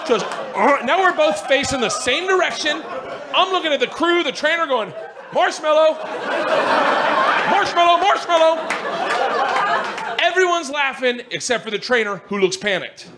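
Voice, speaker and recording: A man, a stand-up comedian, animatedly telling a story to a live audience and acting out the other people's voices, shouting at the peaks. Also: very high voice, expressive, brisk, a loud crowd. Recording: live stage recording with loud audience laughter. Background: audience laughter and noise.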